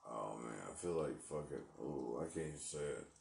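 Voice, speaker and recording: A man's voice: a bass voice, normal speed, vocal fry, darkish tone, echoey room. A man talking live from his home into a phone, agitated and cursing as he rambles. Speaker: livestreamer. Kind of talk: live-stream rant. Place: at home indoors.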